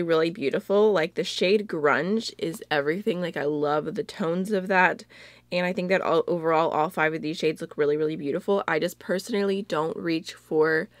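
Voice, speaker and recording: A woman's voice: on the low side, dry recording. A young woman chatting casually as a beauty vlogger, chatty and full of filler words like "like" and "really, really.". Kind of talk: casual chat.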